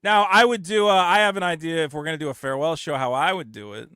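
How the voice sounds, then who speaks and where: A man's voice: on the high side, quick pace, bright, forceful tone, smooth, no room sound, clean studio sound. A man hosting a podcast in casual, blunt, profane chat, often mocking others in exaggerated voices. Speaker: podcast host.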